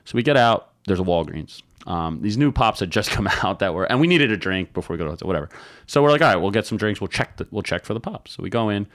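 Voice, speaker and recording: Fast-talking low-voiced man in his thirties. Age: 30s. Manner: animated, exasperated retelling with acted quotes. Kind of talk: casual storytelling.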